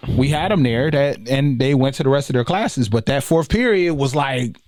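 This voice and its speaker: A man, talking in a relaxed, casual way as a guest on a podcast interview. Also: medium pitch, normal speed, no room sound, studio quality. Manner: relaxed, conversational, many fillers. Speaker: guest, education researcher.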